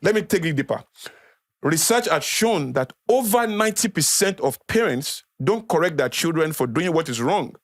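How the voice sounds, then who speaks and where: A man with a Nigerian accent, a guest in a podcast studio, lectures conversationally and repeats key phrases for emphasis. His voice is a little high and animated, at normal speed, in studio-quality audio with no room sound.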